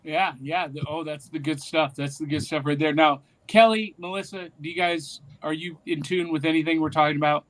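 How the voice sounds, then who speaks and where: A man's voice: on the high side, fairly even intonation, fairly quick, few pauses, a bit bright, poor audio. A man hosting a casual pop-culture podcast chat, enthusiastic and often repeating words as he gets going. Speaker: podcast host.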